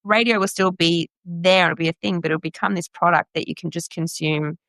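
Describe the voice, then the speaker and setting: A young Australian woman, a radio presenter, chatting candidly as a podcast guest with quick asides. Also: lowish voice, steady tone, vocal fry, a bit bright, dry recording. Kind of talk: casual interview chat.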